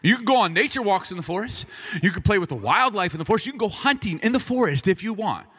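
A man in his forties, a pastor, telling a funny story in a sermon in an animated, self-mocking way. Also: high voice, fast talker, husky, long reverb tail.

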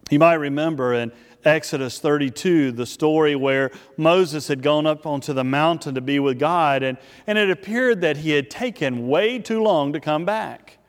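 Brief: male pastor, higher voice, lively storytelling sermon, long hall reverb. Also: normal speed. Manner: storytelling with playful asides.

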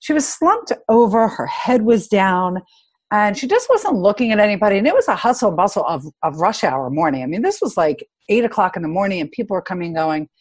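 A middle-aged woman sharing heartfelt personal stories in a casual conversation, growing lively when she quotes other people. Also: mid-range voice, brisk, husky. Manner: earnest, animated when quoting others.

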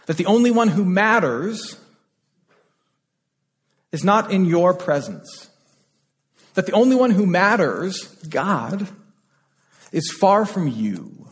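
A man preaching a sermon in a church, his voice pitched high for a man and sweeping widely up and down. He repeats phrases with urgency and then drops to near-whispers. A long reverb from the sanctuary trails after each line. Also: sing-song, slow, long pauses. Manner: impassioned, repeats phrases, swings between loud and hushed. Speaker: pastor.

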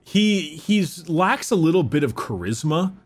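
Animated, rambling man in casual chat. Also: fairly high pitch, a little slow, breathy edge. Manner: rambling, swears casually, lots of fillers and restarts. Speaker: podcast host explaining lore.

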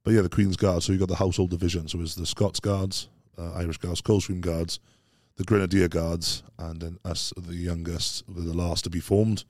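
A man's voice: low-pitched, little pitch movement, brisk, few pauses, darkish tone, dry recording, studio quality. A Welsh man telling stories as a podcast guest, rambling and laughing easily, full of British slang. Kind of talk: casual chat.

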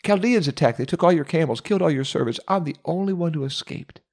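A man's voice: on the high side, expressive, fast talker, darkish tone, pitched above the performer's own voice. A man voicing a panicked, breathless male servant who stammers out terrible news. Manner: stammering, gasping.

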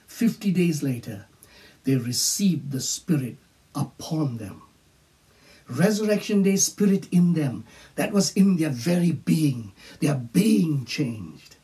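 A man preaching a sermon as pastor, slow and emphatic, dropping into whispers on key phrases. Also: on the high side, warm tone, recorded from a distance.

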